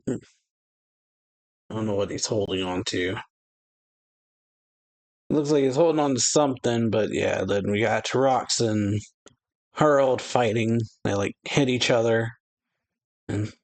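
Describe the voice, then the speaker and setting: A man's voice: medium pitch, a little slow, pauses often, a little mellow. A man casually recapping a manga chapter as a reaction YouTuber, loose and chuckly. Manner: laughing often, loose recap.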